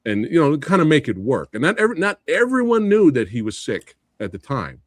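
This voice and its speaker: Middle-aged male co-host, animated and quick to laugh, slightly high voice, dry close sound. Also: no room sound. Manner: animated, laughing often, quoting lines. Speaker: podcast co-host. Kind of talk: casual movie debate chat.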